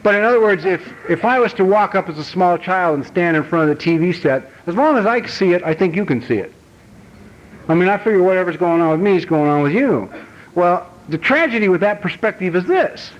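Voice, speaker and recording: A middle-aged American man giving a talk at a recovery banquet, telling stories bluntly and acting out voices, shifting from quiet asides to loud outbursts. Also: high voice, lively intonation, brisk. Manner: blunt, rough-edged language. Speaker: AA speaker. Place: banquet hall. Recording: dull archival banquet recording with faint hiss.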